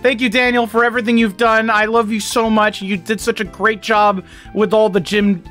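A man streaming a game with a friend, reacting loudly with swearing and mock-mournful farewells. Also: high-pitched, little pitch movement, fairly quick, faint music behind. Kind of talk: casual game commentary with a friend.

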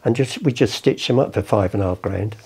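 A man with a lowish voice talks fairly quickly over crowd noise. He's a podcast guest rambling through casual anecdotes, swearing and acting out the people in his stories.

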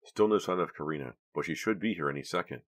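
A man reads an audiobook aloud in scripted narration. His voice is extremely deep and sits at the floor of the male range. He keeps the reading steady and measured from line to line.

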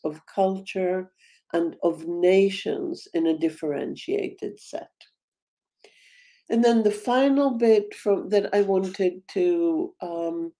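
A woman delivers a dense academic talk over a video call. Her voice sits low, with a gravelly, mellow grain. She thinks aloud as she goes, hesitating and restarting her sentences. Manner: thoughtful, halting, with many ums and restarts. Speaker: panel speaker.

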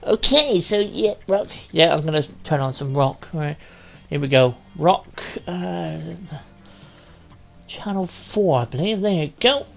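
A woman's voice: fairly low pitch, expressive, measured pace, vocal fry, soft background music. A woman giving sweary, rowdy commentary while playing a video game. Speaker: gaming let's-player. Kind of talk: casual gameplay commentary.

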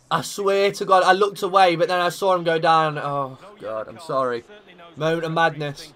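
A young man commenting live on his own football video game career, dry one moment and yelling at big chances the next. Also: on the high side, moderate pace. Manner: excitable, shouting at big moments, dry asides. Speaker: gaming YouTuber.

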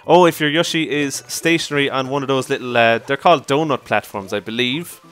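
A man giving casual commentary over his own gameplay, excitable, often exclaiming and laughing at his mishaps. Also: medium pitch, a little fast, soft background music. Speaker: let's play commentator.

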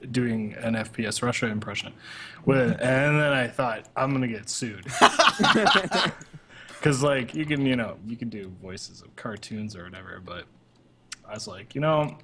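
A man's voice: mid-range voice, animated, a little slow, noisy background. Rambling man on a podcast. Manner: rambling, hesitant, swears casually. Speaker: podcast host. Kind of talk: casual chat. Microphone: computer mic on a voice call.

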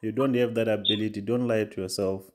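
A man hosting a live call, answering calmly and dismissively, sometimes mocking the caller. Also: fairly low pitch, quick pace. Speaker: host.

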